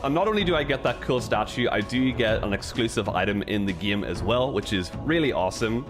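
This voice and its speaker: A young man livestreaming, chatty and then bursting into loud, breathless excitement while reacting. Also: fairly low pitch. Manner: chatty show-and-tell. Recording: music playing behind.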